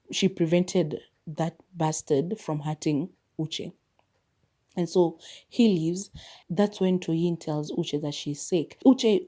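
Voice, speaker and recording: A woman's voice: low voice, warm tone. A woman podcast host giving a casual, chatty movie review, retelling scenes with quoted lines and lots of filler words.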